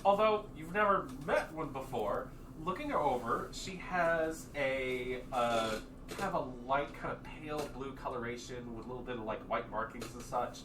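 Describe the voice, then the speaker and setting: A man's voice: mid-range voice, expressive, moderate pace. Rambling male game master, echoey and distant. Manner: meandering, filler-heavy description. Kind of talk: narrating a tabletop game. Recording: echoey room, distant mic, noisy.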